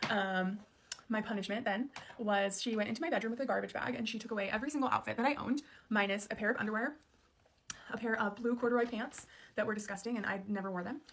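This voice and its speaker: A woman's voice: medium pitch, a bit bright, a little hiss or hum. A woman in her late twenties telling a personal story in a candid, casual way, full of "um" and "like". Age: late 20s. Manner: candid, conversational, many "um" and "like" fillers. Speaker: storyteller sharing her childhood.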